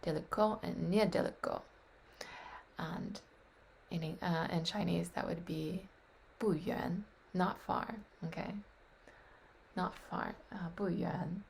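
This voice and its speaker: A woman on a webcam practicing vocabulary aloud, tentative and thinking out loud as she sounds out words. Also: lowish voice, steady tone, takes it slowly, creaky, a little hiss or hum. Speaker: language learner practicing vocabulary. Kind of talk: casual solo practice on webcam. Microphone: webcam microphone.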